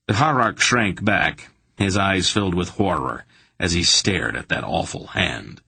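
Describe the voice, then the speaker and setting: A male audiobook narrator with a low, husky voice, telling the story in a steady, measured way. The recording is close and dry, with no room sound. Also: dry recording. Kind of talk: scripted narration.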